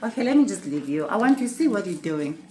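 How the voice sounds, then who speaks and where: A woman's voice: medium pitch, big pitch swings, quick pace, darkish tone. A woman filming her parrot at home in a kitchen, scolding it playfully between laughs. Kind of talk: casual home video talk.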